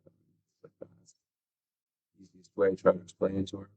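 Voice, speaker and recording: A man's voice: low-pitched, monotone, moderate pace, creaky, husky, narrow, tinny audio. A man hosting a livestream, talking openly and casually about family and relationships, swearing freely, and reading passages aloud. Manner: candid and open, swears casually. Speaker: livestream host.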